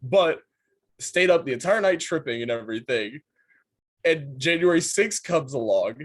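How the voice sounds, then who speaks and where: A man's voice: medium pitch, animated, moderate pace. A man co-hosting a podcast, telling a story in casual banter with frequent laughs. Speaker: podcast co-host.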